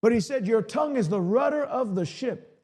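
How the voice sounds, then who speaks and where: High, animated preacher man in reverb. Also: brisk, slightly rough. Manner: emphatic, repeats key lines for emphasis. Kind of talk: live-streamed sermon.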